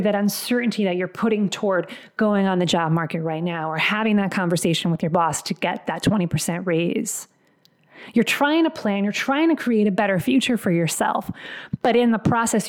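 A woman career coach delivering a motivational podcast monologue, emphatic and fond of repeating phrases for punch. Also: mid-range voice.

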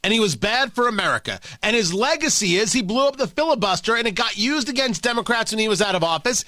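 A man's voice: high-pitched, expressive, quick pace, pushed and bright, dry recording. A man hosting a political talk show, delivering combative, sarcastic commentary.

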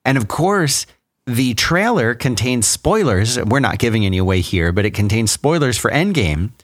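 A man's voice: medium pitch, normal speed, dry recording, clean studio sound. Easygoing podcast co-host, man. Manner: easygoing, relaxed, reads sponsor spots. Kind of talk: casual chat with ad reads.

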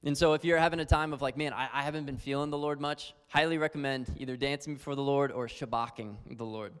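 A man's voice: mid-range voice, fairly even intonation, quick pace, clear, resonant tone. Man preaching casually with hall reverb. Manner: conversational, filler-heavy, earnest. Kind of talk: casual sermon teaching.

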